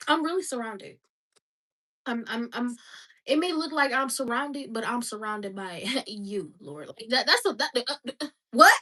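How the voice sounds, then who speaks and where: Woman, high voice, passionate and preachy, repeats herself, a bit far from the mic. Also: expressive, slow pace, long pauses, sharp tone. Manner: passionate, preachy, repetitive exhortations. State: crying. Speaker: vlogger. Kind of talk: emotional faith-based monologue.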